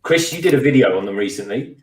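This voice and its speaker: A man's voice: medium pitch, animated, fast talker, far from the mic, crowd noise. A man chatting casually on a livestream, easily sidetracked. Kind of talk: casual chat. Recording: echoey room with faint noise.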